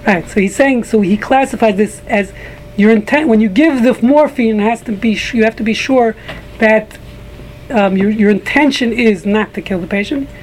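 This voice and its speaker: A man's voice: sits high, moderate pace, slight background noise, low-quality recording. Rambling joking man teaching a Talmud class. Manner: rambling, restarts often, joking asides. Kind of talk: casual group Talmud class.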